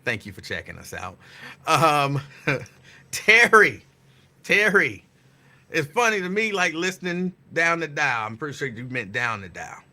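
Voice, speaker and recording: A man hosting a casual live talk show, greeting listeners by name and teasing them playfully with loud, emphatic bursts. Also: fairly high pitch, sing-song, measured pace. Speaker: radio host. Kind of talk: casual live-show chat reading listener shout-outs.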